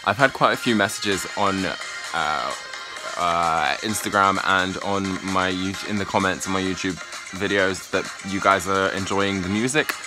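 A cheerful man talks to his camera as he walks around the city, his voice sitting very low. He rambles, restarts sentences and keeps the tone light and chatty. Loud background music plays under his words. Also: normal speed. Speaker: vlogger. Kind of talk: casual vlog chat. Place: out and about in a city, on streets and indoors. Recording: background music playing loudly.

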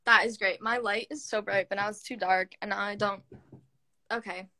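A woman's voice: medium pitch, steady tone, normal speed, sharp tone. A young woman hosting a phone live stream, chatty and giggly as she reads out comments. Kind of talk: casual chat. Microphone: phone on a live video call.

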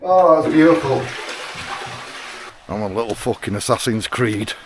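Swearing bloke, lively voice. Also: male voice, medium pitch, measured pace. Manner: swearing, joking, laughing often. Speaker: motorcycle vlogger. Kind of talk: crude banter among friends. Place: outdoors at a rainy campsite. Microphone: action camera mic. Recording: noisy outdoor recording with clicks.

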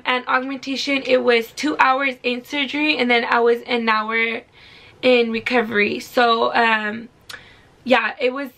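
A woman's voice: fairly high pitch, vocal fry, bright, forceful tone. A young woman in her twenties from California, telling a story casually to camera in a chatty, filler-heavy way, swearing freely. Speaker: beauty vlogger.

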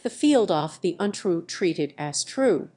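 A woman reading a translated lecture transcript aloud in an even, measured way, announcing each question and answer. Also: lowish voice.

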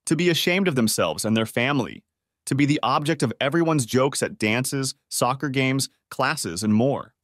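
A tearful, pleading young wife and mother in an audiobook story, as a male narrator puts her on. Her voice rises high and swings widely as she begs, and the recording is dry and close with no room sound. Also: lively intonation, normal speed, a bit bright, dry recording, lightly acted. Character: desperate young mother accused by her husband. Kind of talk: audiobook character voice.

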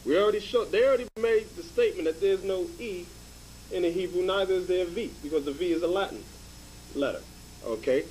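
A man's voice: high voice, fast, a little mellow, a little hiss or hum, rough recording. A man teaching as a bishop, hammering his points home and checking in with "okay?" after each one. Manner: emphatic, repeats points with "okay?". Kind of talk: scripture lesson to a group.

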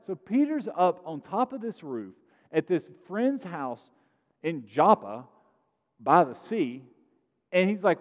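A man preaching a sermon in a conversational style, growing loud on points of emphasis, in a large church sanctuary. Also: high-pitched, big pitch swings, takes it slowly, highs cut off. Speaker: pastor. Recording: long sanctuary reverb.

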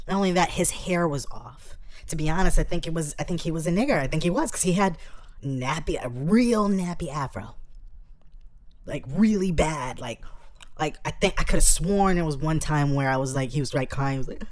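A woman with a notably deep, low-pitched voice rants to camera. Her delivery rambles and provokes, crude and loose in a comedic vlog style. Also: expressive, moderate pace. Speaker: vlogger.

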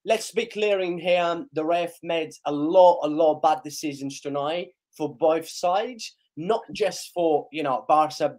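A man hosting a live match reaction stream, slightly hoarse, excitable and shouting and chanting at big chances. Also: high voice. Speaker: live stream host, fan of the team.

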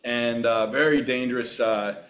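A middle-aged man from Long Island telling wry, relaxed anecdotes as a guest in a casual interview. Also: medium pitch, a little slow. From Long Island, New York. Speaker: actor and racer, guest.

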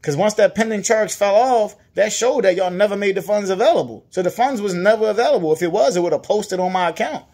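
Brief: frustrated man with a Virginia accent, casual venting vlog, slightly high voice. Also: fast talker, few pauses, darkish tone, slightly rough. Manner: frustrated, repetitive, mimics others' lines. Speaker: customer complaining about a dealer.

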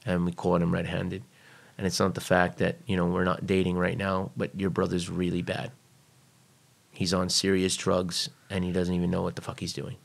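A man's voice: sits low, monotone, moderate pace, creaky. A man guest on a podcast, telling a personal story casually and bluntly, swearing freely. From United States.

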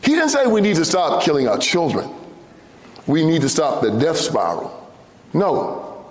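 A man with a Southern US accent delivers a fiery, sermon-style address from a church pulpit. His voice sits high and cuts through, hammering points home through repetition and climbing to shouts. The big sanctuary rings around him, with a long, roomy echo. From Tennessee, US. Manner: preaching cadence, repetitive, rising to shouts. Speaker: guest speaker. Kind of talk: impassioned sermon-style speech. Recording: echoey church hall.

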